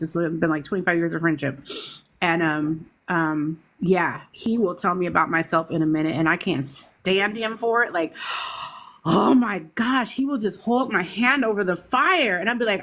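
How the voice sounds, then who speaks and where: A woman in her forties in a casual group podcast chat, animated and acting out what people said with big jumps in her voice. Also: lowish voice. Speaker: podcast guest.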